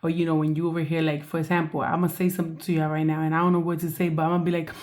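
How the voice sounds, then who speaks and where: Woman reaction host, very low voice, sore and strained, soft mocking delivery with laughs. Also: flat delivery, racing. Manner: mocking, laughing, talking softly. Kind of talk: reaction commentary.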